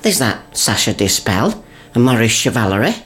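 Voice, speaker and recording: An actress playing a fussy, affectionate mother in a radio comedy, prim and gently chiding. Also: a bass voice, sing-song, normal speed. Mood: motherly.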